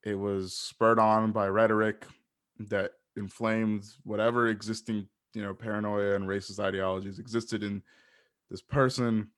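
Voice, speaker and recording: A man's voice: lowish voice, little pitch movement, moderate pace, a bit bright. A man talking in a casual podcast chat, passionate and rambling, swearing freely as he makes his point.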